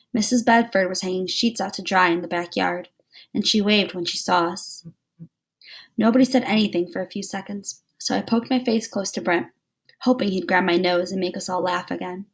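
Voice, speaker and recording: A woman teacher reads a novel aloud in a steady, even storytelling manner. Her voice is husky and breathy, at an ordinary pitch. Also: normal speed.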